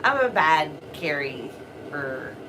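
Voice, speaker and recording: Dry, teasing female co-host with a lively pitch and a noisy background. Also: drawn-out words. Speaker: co-host, host's wife. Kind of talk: casual live chat.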